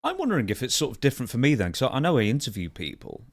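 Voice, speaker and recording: A man's voice: medium pitch, wildly swooping pitch, racing, dry recording, clean studio sound. A man co-hosting a podcast, chatting casually in a polite, somewhat hesitant way. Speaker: podcast co-host. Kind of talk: casual chat.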